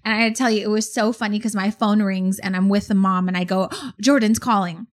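A woman's voice: medium pitch, fast talker. A woman in her forties telling a story in casual chat, acting out what people said. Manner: animated storyteller, acts out quotes.

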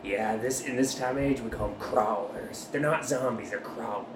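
A man's voice: mid-range voice, moderate pace, pitched below the performer's own voice, close to an everyday voice. A man playing an earnest survivor hunter. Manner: lecturing, repeats himself. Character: gun-proud male survivor hunter, earnest. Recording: roomy with background noise.

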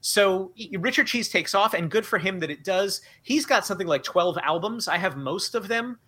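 Middle-aged male podcast guest, animated storyteller, bright tone. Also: sits high, normal speed, breathy edge. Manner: animated, laughs while telling stories. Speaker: podcast guest, song parodist. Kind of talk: casual chat, storytelling.

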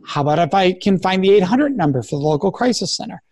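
A man's voice: high-pitched, lively intonation, quick pace, a little mellow, no echo. Earnest man coaching on talk radio. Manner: earnest, coaching tone, acts out example phrases. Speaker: guest expert on sexual respect. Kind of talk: radio talk show interview.

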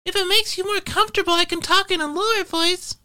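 A man voicing a young woman who talks in an exaggerated, breathy, cutesy anime-girl voice, in a comedic storytelling impression. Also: extremely high pitch, fairly even intonation, brisk, bright, forceful tone, voice pushed up, heavily acted. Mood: cutesy insistent.

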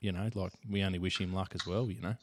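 An Australian man hosts a casual podcast in a voice that sits slightly low. He rambles through his questions and keeps padding them with "you know" while he talks things over with his guests. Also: fairly even intonation, fast talker, a little hiss or hum. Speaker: podcast host. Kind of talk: casual chat.

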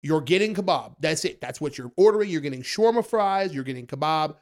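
A man's voice: a little high, expressive, fast talker. A young man chatting as a podcast guest, laid-back but emphatic, calling people bro. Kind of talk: casual chat.

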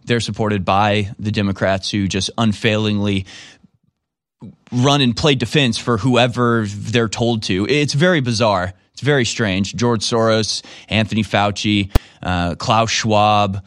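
A man's voice: on the low side, steady tone, measured pace, a bit bright, no room sound. A man giving casual, sarcastic political commentary, rambling and repeating himself as he reacts to a replayed clip.

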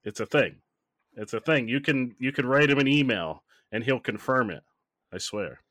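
A man co-hosting a casual podcast, joking in a deadpan, tongue-in-cheek way. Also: medium pitch, moderate pace, no echo. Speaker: podcast co-host.

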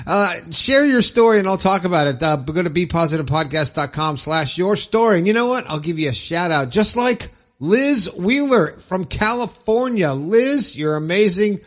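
A man's voice: high-pitched, lively intonation, moderate pace. A man hosting his podcast, chatting casually and upbeat, rambling a little and chuckling at his own jokes. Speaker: podcast host. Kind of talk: casual podcast chat with ad reads.

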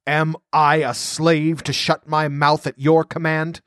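A man voicing a wounded, wrathful barbarian king in a storybook reading, with a growling, forceful delivery. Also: medium pitch, a little slow, dry recording, studio quality, close to an everyday voice. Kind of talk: audiobook character voice.

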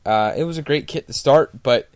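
A man's voice: medium pitch, normal speed, a little hiss or hum. A man co-hosting a casual chat, agreeable and joking. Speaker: podcast co-host.

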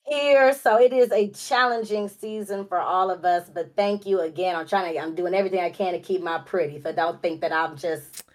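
A woman's voice: lowish voice, fairly even intonation, normal speed. A woman guest on a live stream, talking through tears and laughter with effusive thanks. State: crying. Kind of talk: emotional live stream chat.

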